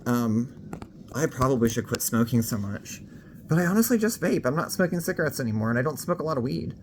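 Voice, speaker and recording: A woman's voice: a bass voice, expressive, fast, a little mellow, slight background noise. A woman talking casually to camera for her vlog, frank and candid, swearing freely and a little out of breath. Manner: slightly out of breath. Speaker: vlogger.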